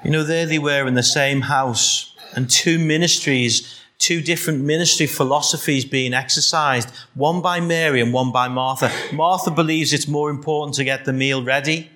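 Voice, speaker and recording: A man's voice: a little high, fairly even intonation, moderate pace, bright, forceful tone. A middle-aged man with a Liverpool accent preaching a sermon, firing rhetorical questions at the congregation and adding teasing asides. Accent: Liverpool (Scouse). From Liverpool, England.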